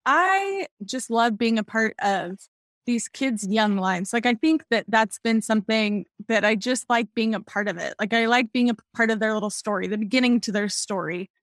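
A young woman, a pediatric speech-language pathologist, telling stories in a podcast interview in a chatty, animated way, laughing often. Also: fairly high pitch, moderate pace, dry recording, clean studio sound.

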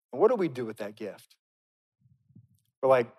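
A man preaching a sermon in a conversational, emphatic way, swinging from loud bursts down to quiet, slow stresses. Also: mid-range voice, big pitch swings. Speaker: pastor.

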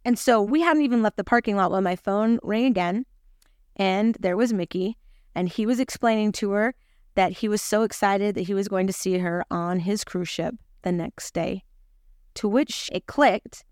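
Woman, scripture teacher, confiding storytelling, smooth resonant voice, dry recording. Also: medium pitch, normal speed, darkish tone, dry recording. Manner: chatty, confiding, self-deprecating. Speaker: gospel lesson podcast host. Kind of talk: scripture lesson with personal storytelling.

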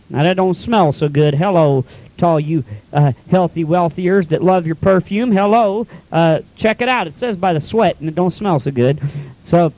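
A man's voice: sits high, moderate pace, a little mellow, poor audio. A man preaching a folksy sermon, retelling scripture in plain everyday talk.

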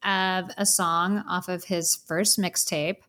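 A woman's voice: on the low side, flat delivery, slow pace, fairly bright tone. A woman co-hosting a podcast, chatting casually in a bubbly, rambling way and laughing often. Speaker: podcast co-host. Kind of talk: casual chat. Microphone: video call.

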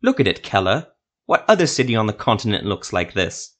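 A man's voice: on the low side, huge pitch swings, a bit bright, exaggerated voice. A man voicing Ethramel, an irritable, sarcastic sorcerer who snaps and curses. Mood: snapping. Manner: snapping, sarcastic, quick to curse.

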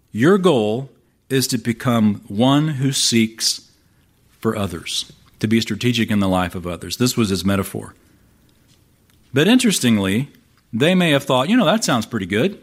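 A man of medium pitch preaching from the pulpit. He talks in a plain, conversational way, with dry humor in his asides. When he reads scripture he puts real emphasis on the questions. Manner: conversational, wry asides, lively quoting of scripture. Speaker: pastor. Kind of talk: sermon.

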